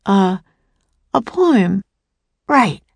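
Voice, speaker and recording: A woman's voice: medium pitch, very animated, extremely slow, gravelly, husky, no echo, exaggerated voice. A woman voicing a nervous young boy who speaks in an anxious, hesitant way.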